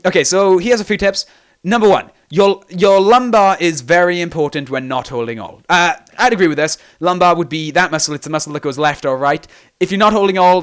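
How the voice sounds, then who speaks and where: A man's voice: a little high, fairly bright tone. A young man hosting a casual game tutorial, rambling and self-deprecating, sounding tired. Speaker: video game tutorial host.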